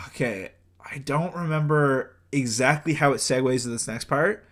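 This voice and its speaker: Young man, podcast co-host, casual chat, rambling, filler-heavy, mid-pitched voice. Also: animated, a little slow, a bit bright. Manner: rambling, full of fillers and acted-out quotes. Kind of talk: casual chat, retelling celebrity gossip.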